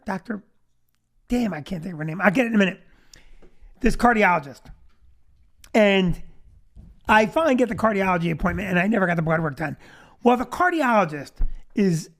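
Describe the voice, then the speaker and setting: Guy in his 50s doing a jokey self-deprecating comedy bit, fairly high voice that bounces all over. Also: gravelly. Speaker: podcast host. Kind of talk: comedic storytelling monologue.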